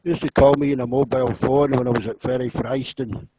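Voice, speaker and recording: Irish man, mellow voice, dry close sound, casual salty banter, laughs often. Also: medium pitch, fairly even intonation, fast, slightly rough, no room sound, poor audio. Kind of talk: casual online group chat.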